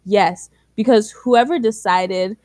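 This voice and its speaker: A woman's voice: mid-range voice, slow pace, a little mellow, no room sound. A young woman co-hosting a podcast in casual chat, laughing often and exclaiming. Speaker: podcast co-host.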